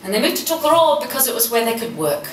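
A woman's voice: on the high side, very animated, quick pace. A woman in her fifties who grew up in New Zealand, giving a humorous, passionate conference talk. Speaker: keynote speaker. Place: conference hall. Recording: echoey hall, mic at a distance, faint noise.

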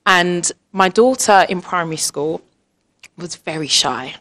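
A woman's voice: on the low side, measured pace, a bit bright. A woman in her thirties speaking on a panel, chatty and candid, laughing often and acting out family conversations. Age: 30s.

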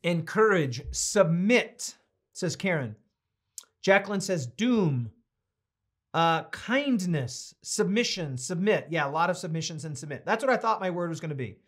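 A middle-aged male pastor with a fairly high voice teaches a Bible study. He preaches with conviction and then slips into a chatty, playful tone as he reads out viewers' comments. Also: animated, measured pace, a bit bright.

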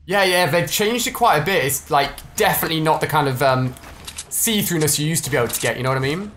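A man chatting excitedly with a teammate while playing a game online. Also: fairly high pitch, quick pace, a little hiss or hum. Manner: excitable, hyped commentary. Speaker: gaming YouTuber. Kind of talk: casual co-op gameplay chat.

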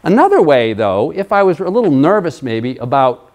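A man's voice: fairly high pitch, big pitch swings, moderate pace, darkish tone. A man who works as an elder law attorney, giving a seminar talk and explaining legal ideas with dry self-deprecating jokes. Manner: conversational, with restarts and fillers. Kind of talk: public seminar presentation.

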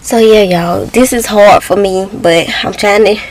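A woman's voice: mid-range voice, measured pace, rough recording. Tearful young woman vlogging from her car. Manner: emotional, near tears, addresses viewers as y'all. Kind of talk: casual personal vlog.

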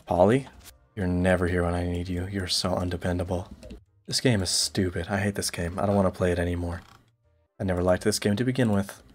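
A young man streaming a video game, tossing off deadpan absurd jokes and mock complaints in casual commentary. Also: sits low, brisk, faint music behind.

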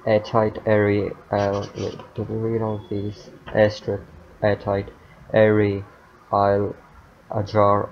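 A man reading dictionary words aloud one after another, in a monotone, with stumbles, fillers and muttered asides. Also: on the low side. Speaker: youtuber. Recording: dull lo-fi mic with faint noise.

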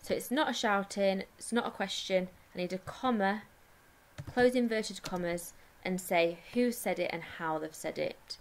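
A woman with an English accent, a primary school teacher giving a recorded lesson, explaining step by step and slowing down to dictate. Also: mid-range voice.

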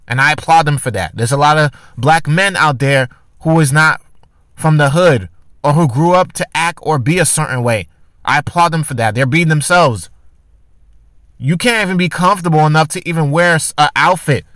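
High, bright-voiced man ranting. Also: no room sound. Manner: argumentative, with rhetorical questions and frequent restarts. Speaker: commentary vlogger. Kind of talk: casual opinion commentary.

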